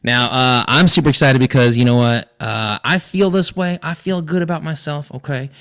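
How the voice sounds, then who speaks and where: A man's voice: mid-range voice, moderate pace, fairly bright tone. A man, a podcast co-host, chatting in a jokey, rambling, self-mocking way. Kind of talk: casual comedic chat.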